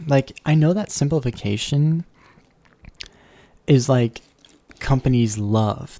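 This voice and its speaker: Casting: male streamer, mid-pitched, gravelly, dark tone, loose rambling live-stream chat at a desk mic. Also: slow pace, pauses often. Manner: rambling, chatty, playful asides. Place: warm room at home. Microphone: desk microphone. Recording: slight background hum.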